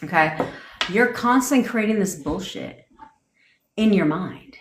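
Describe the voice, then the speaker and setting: A woman's voice: lowish voice, animated, a little slow. A woman manifestation coach on a livestream, ranting bluntly and swearing freely while answering viewer comments. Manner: blunt, profane, fired-up. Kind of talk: livestream rant. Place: home desk. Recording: roomy, echoey room sound.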